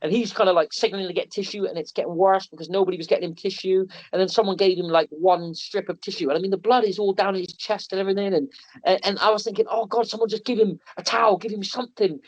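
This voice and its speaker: A man telling animated, self-mocking stories on a podcast, often restarting and laughing. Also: sits high, quick pace. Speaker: wrestler and wrestling promotion owner. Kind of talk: podcast interview storytelling. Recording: slightly muffled podcast audio.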